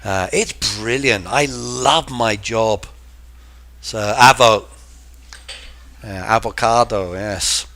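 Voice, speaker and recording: A man with an English accent chats unhurriedly with his live-stream viewers. His voice is bright and forward, and he keeps breaking off to explain words and expressions, as a teacher would. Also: lowish voice, slow pace, pauses often. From England. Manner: chatty, explains slang to viewers. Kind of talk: casual live-stream chat.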